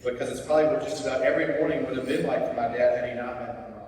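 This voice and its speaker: A man's voice: mid-range voice, steady tone, racing. Man, eulogy, hesitant, far from the mic, long hall reverb. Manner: hesitant, with fillers. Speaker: son giving a eulogy. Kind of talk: memorial speech. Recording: echoey hall, distant mic, faint noise.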